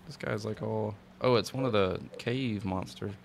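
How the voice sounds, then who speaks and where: A man's voice: on the low side, moderate pace, creaky. A man streaming a game, chatting casually with mild exclamations and easy surprise. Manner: relaxed, easily startled, mild exclamations. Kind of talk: casual gameplay chat. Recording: noisy stream audio.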